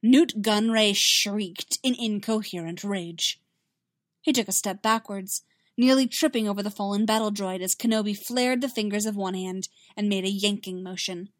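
A woman narrating a science fiction story in a steady, expressive reading. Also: mid-range voice, moderate pace, no room sound, clean studio sound. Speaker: reader. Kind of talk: fan fiction audiobook narration.

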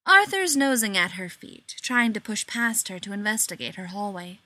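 A woman narrating a short story in an unhurried, expressive way. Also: mid-range voice, dry recording.

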